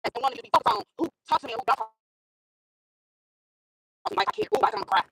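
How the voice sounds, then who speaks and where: A woman's voice: high-pitched, fast, sharp tone, breathy edge, no room sound, poor audio. A woman vlogger with a school-age son, telling her own story in a casual monologue and repeating phrases for emphasis. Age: adult with a school-age son.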